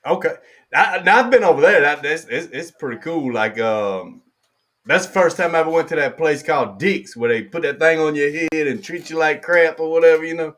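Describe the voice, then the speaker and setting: A man's voice: fairly high pitch, lively intonation, brisk, a bit bright. Laid-back Southern man hosting a chat. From American South. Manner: laid-back, chatty, laughs often, repeats phrases. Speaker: host. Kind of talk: casual live-stream chat.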